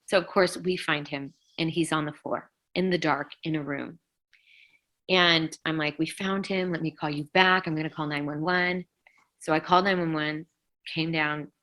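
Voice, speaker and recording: A middle-aged woman, a former band singer, telling an emotional story in an interview, halting, with many fillers. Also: low voice, steady tone, a bit bright.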